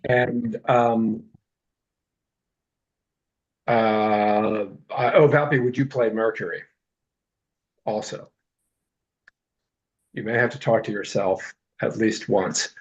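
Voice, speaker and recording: A man's voice: on the low side, fairly even intonation, takes it slowly, pauses often, muffled recording. A man, a playwright, rambling wryly while assigning roles, with many ums. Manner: rambling, wry, many fillers. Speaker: playwright casting readers. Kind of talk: casual chat on a video call.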